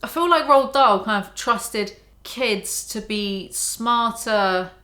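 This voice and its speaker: A woman's voice: fairly high pitch, slow, sharp tone. Brief: young woman, book vlogger, chatty and giggly, casual. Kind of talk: casual chat between read-aloud passages.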